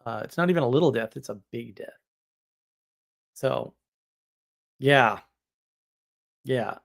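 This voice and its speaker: A man's voice: medium pitch, animated, slow pace, vocal fry. A man hosting a live stream, chatting casually in a rambling way and laughing at his own stories. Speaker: livestream host.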